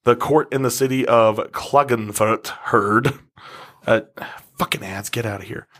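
A man's voice: medium pitch, a little slow, fairly bright tone. A man hosting a podcast in a recording studio, reading out odd news stories with crude, sarcastic asides and lots of swearing. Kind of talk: casual podcast chat.

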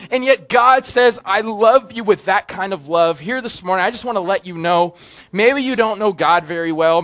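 A young man preaching a sermon in a casual, conversational way that turns animated and excitable. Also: high voice.

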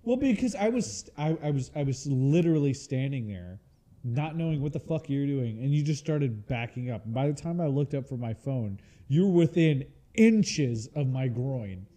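Profane, animated male co-host. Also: medium pitch, normal speed. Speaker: podcast co-host. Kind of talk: casual chat.

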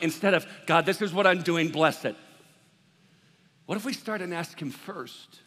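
High bright preacher man in a hall. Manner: conversational preaching with big swings from hushed to loud. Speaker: pastor. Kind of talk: sermon.

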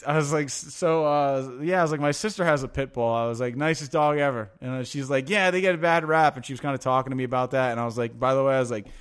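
A man's voice: mid-range voice, fast, hardly any pauses, smooth. Rambling, profane man telling stories. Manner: rambling, profane, filler-heavy anecdotes. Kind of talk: casual storytelling chat.

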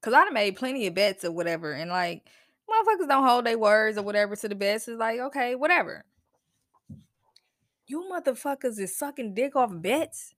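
A podcast host with a high, bright, briskly lively voice rants through a loose, casual chat, her pitch bouncing widely. She swears freely, sounds exasperated and keeps breaking into sighs and laughter. The recording is dry and close, with no echo or room sound.

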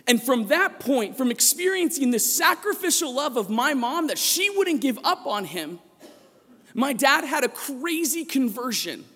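A man preaching a sermon as a priest, telling a personal story with passion and rising to shouts at the peaks, recorded in a church. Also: very high voice. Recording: long echo of a large church.

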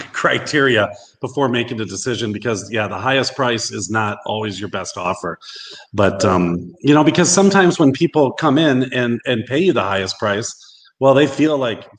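A man's voice: lowish voice, fairly bright tone. Easygoing man in a reverberant room. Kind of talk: casual chat.

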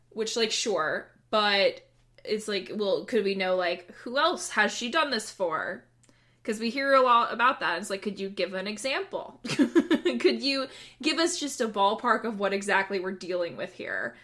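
A woman's voice: medium pitch, lively intonation, unhurried, a bit bright. A young woman co-hosting a casual recap chat, offering dry, skeptical commentary. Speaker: podcast co-host.

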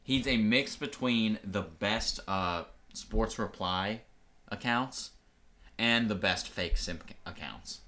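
Bright-voiced man riffing on a podcast. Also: fairly low pitch. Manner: joking, quick riffing banter. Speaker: podcast host. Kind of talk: casual podcast chat.

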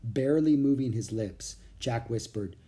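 A man narrating a children's chapter book, expressive, doing all the character voices. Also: medium pitch, a little slow.

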